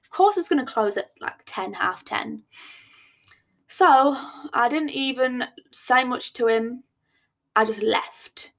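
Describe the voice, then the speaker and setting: A woman, hosting a podcast and telling a story in a chatty, expressive, self-mocking way. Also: on the high side, slow, long pauses. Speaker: podcast host. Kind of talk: casual storytime chat.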